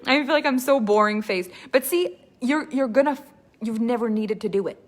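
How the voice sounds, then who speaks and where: A woman storytelling coach teaching a live online workshop in an animated, expressive way, laughing often. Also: a little high, normal speed.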